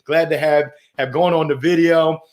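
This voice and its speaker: Upbeat animated man hosting a livestream. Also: a little high, normal speed. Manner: upbeat and animated, swinging from soft to loud. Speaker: host of a weekly motivational livestream. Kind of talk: live-stream talk, reading out viewer comments.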